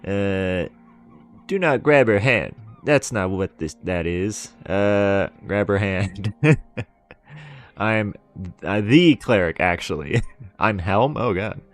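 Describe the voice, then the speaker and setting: A male streamer with a low voice plays a game live, reading its lines aloud with relish and cracking jokes in between. Faint music runs underneath. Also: lively intonation, slow pace. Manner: joking, laughs often, reads dialogue with relish.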